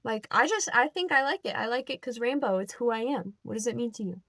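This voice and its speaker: A woman's voice: on the high side, fast, no echo. Exasperated young woman ranting, dry sound. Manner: animated, filler-heavy, exasperated. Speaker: vlogger. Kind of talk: casual storytelling rant.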